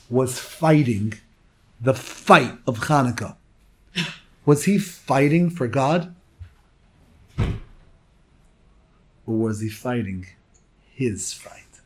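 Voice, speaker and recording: A man teaching a Torah lecture as a rabbi, emphatic and swinging between hushed and loud phrases. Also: medium pitch. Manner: slow, drawn-out emphasis.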